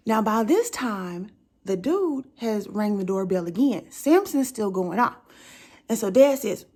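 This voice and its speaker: A woman's voice: medium pitch, normal speed. A young adult woman telling a comedic story in a conversational way, keeps checking in with the listener. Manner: animated, conversational, keeps asking the listener "right?".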